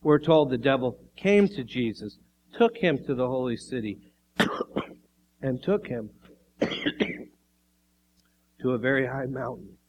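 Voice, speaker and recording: A man preaching a sermon with measured delivery, pressing his points with rising emphasis, with a few coughs along the way. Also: medium pitch, a little mellow, rough recording. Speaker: pastor.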